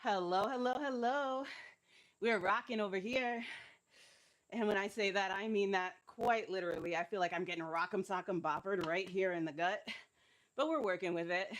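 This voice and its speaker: A woman's voice: mid-range voice, moderate pace, pauses often. A woman leading a live-streamed workout as fitness instructor, encouraging and laughing often while she is cramping and feeling unwell.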